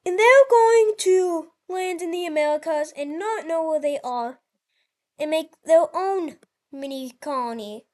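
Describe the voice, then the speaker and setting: A woman's voice: very high voice, mellow. A woman hosting her channel, narrating an alternate history over a map in a casual, rambling way with frequent restarts. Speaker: channel host.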